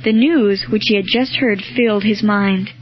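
A woman narrating a storybook in a measured, even way. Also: medium pitch. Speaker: audiobook narrator. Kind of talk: scripted narration. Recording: dull lo-fi with faint music.

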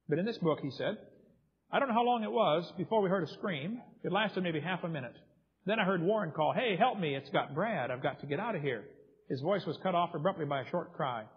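A man's voice: on the high side, breathy edge. A man from the United States giving a seminar lecture, telling stories vividly and reading out eyewitness accounts. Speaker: seminar speaker. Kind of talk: lecture storytelling. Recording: dull recording in a long-echo hall.

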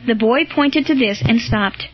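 A woman reading a historical novel aloud in a measured, steady narration. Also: fairly high pitch, dull audio, soft background music. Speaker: audiobook narrator. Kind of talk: scripted narration.

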